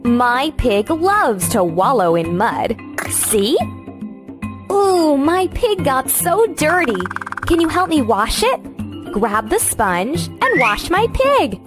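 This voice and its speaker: A woman voicing a cheerful young farmer who guides children through a game, speaking slowly in a sing-song, encouraging way. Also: high voice, very animated, over music, exaggerated voice. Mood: sunny, encouraging. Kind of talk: scripted children's game voice-over.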